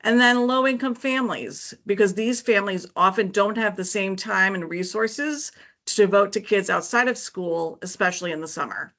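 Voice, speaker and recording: A woman's voice: mid-range voice, normal speed, a bit bright. A woman educator giving an informative presentation to parents, explaining in a friendly, teacherly way with frequent "um" and "okay, so".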